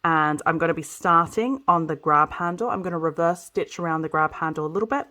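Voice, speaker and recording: A woman talking through a sewing tutorial step by step, chatty and relaxed, often checking in with viewers as she works. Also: deep voice, brisk. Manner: chatty, explains as she works, frequent "okay" and "so". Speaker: sewing instructor. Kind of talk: casual step-by-step craft tutorial.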